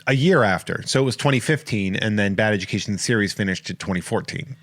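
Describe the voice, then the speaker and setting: Fast and fairly low, this American podcast host's voice has a slight brightness, captured dry with studio quality. He wanders through casual conversation, joking and poking fun at himself.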